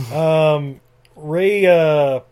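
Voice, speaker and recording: A man's voice: a little high, very slow, a little mellow. A man co-hosting a podcast, recapping a movie in a rambling casual chat, laughing often and swearing freely. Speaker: podcast co-host.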